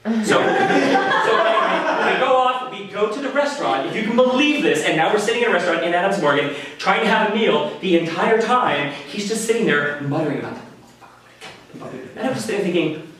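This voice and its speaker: Lively man telling a story onstage. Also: high-pitched, crowd noise. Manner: animated, conversational, quick asides. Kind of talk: live story slam telling. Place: small venue before a live audience. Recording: echoey room, mic from a distance. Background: audience laughter.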